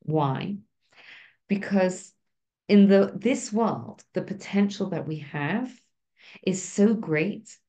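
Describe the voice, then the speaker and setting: A woman giving a relaxed Torah lesson to a small group. She talks in a chatty, conversational way, tossing in "right?" to check in with her listeners. Her voice sits at an ordinary middle pitch. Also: takes it slowly. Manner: conversational, keeps asking "right?". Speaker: Torah teacher. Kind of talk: informal class talk.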